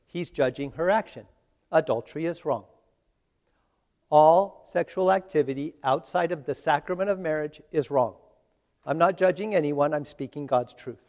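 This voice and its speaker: A man giving a conversational sermon, slowing down for emphasis and laughing at his own asides. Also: on the high side, darkish tone. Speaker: preacher. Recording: long hall reverb.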